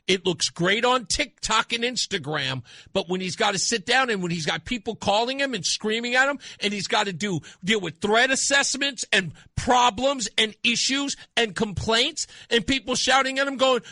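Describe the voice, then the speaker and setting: A man hosting a talk radio show, delivering an animated, mocking opinion monologue. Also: high-pitched, normal speed, no room sound, studio quality. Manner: animated, mocking, acts out voices.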